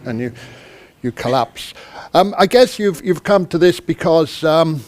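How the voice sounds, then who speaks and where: A man's voice: fairly high pitch, expressive, a little slow. Chatty English man talking to an audience. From United Kingdom. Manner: chatty, self-deprecating, quizzes the audience. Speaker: conference speaker. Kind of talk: interactive conference talk. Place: conference hall.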